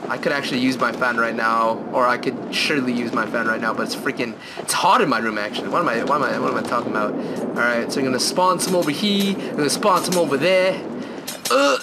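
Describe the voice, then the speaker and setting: A young man commentating on a video game from his room at home, excitable and rambling, now and then breaking into snatches of song. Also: mid-range voice, quick pace, very noisy. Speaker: gameplay commentator. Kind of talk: gameplay commentary.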